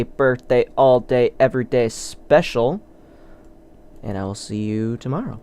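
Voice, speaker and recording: A man hosting a gaming channel who rambles through a let's play with excitable, self-deprecating commentary. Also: medium pitch, a little slow, smooth.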